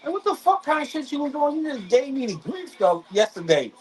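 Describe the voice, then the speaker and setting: A man's voice: extremely high pitch, very animated, a little fast, poor audio. A man streaming live craps and rambling in profane, restart-heavy casual chat. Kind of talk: casual chat while gambling.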